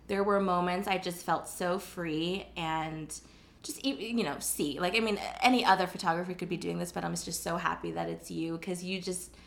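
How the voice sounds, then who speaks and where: A woman's voice: on the low side, steady tone, normal speed, creaky. A young woman hosting a casual podcast chat, earnest and heartfelt, often laughing. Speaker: podcast host.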